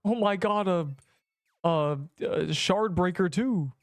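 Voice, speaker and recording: A hoarse young man casually chatting and joking while live-streaming a game. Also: sits high, dry recording. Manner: joking, chatty, quick to laugh.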